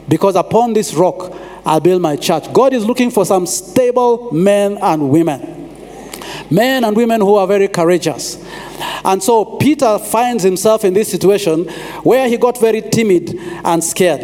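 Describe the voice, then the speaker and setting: High-voiced pastor preaching in a hall. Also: male voice, darkish tone. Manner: preaching with pauses and repeated phrases. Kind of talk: sermon. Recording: long hall reverb.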